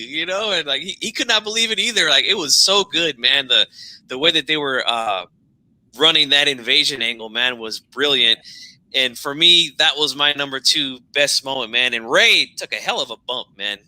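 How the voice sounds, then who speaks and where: Bright-voiced man telling wrestling stories. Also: fairly high pitch, brisk, no echo, low-quality recording. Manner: animated storyteller, says "man" a lot. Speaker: wrestling podcast host. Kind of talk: casual chat.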